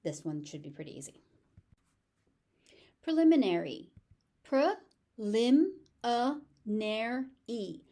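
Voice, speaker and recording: An American woman teaching pronunciation, saying each word slowly and clearly several times and then explaining it. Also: mid-range voice, darkish tone. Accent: General American. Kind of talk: slow, careful pronunciation lesson.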